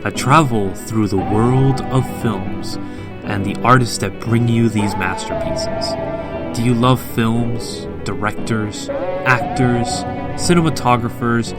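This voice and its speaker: Slow deliberate narrator over loud music. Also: male voice, mid-range voice. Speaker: segment narrator. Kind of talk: scripted intro narration.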